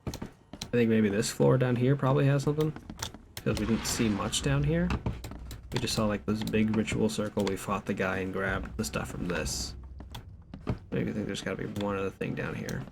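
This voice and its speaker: Young dude streaming a game, low-ish gravelly voice, joking around, keyboard clacking and noise behind. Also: male voice, normal speed. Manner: joking, reads game notes aloud, rambling. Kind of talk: casual let's-play commentary. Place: home streaming setup. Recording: background noise with keyboard typing.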